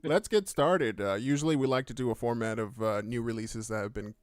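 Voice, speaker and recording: A man co-hosting a live game news stream in a relaxed, casual chat, laughing often. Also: mid-range voice, fairly quick, dry recording, clean studio sound. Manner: laid-back, laughs often. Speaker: podcast co-host.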